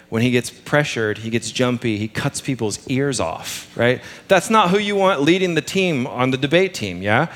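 Male preacher, casual humorous delivery, mid-pitched voice, punchy emphasis. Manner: conversational, humorous, lively emphasis. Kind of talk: sermon.

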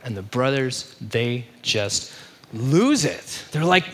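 A man's voice: medium pitch, sing-song, slow, fairly bright tone, slight background noise. A young man retelling a story in a sermon, casual and conversational, peppered with fillers. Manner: conversational, many fillers like "like" and "you know".

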